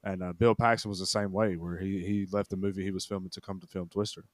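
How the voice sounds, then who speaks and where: A man's voice: deep voice, flat delivery, quick pace, dry recording. A man co-hosting a movie podcast, talking loosely with lots of 'like' and trailing phrases. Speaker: podcast co-host. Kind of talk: casual chat.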